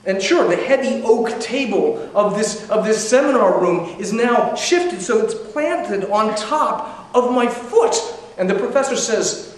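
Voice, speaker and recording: Wry male storyteller, high voice; recorded from afar in a very echoey theater. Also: lively intonation, unhurried, hardly any pauses. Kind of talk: live stage storytelling. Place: theater stage. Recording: echoey theater, distant mic.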